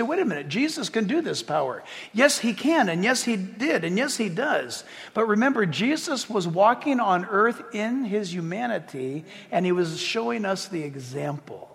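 A man preaching a lively sermon, his voice pitched high for a man. He jokes and acts out the scripture scenes as he goes. His words ring with a long hall reverb. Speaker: pastor.

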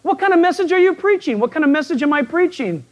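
A man with a croaky, frog-like voice, preaching a folksy sermon as a pastor who jokes and asks his listeners questions. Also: extremely high pitch, lively intonation, quick pace, darkish tone, lo-fi sound.

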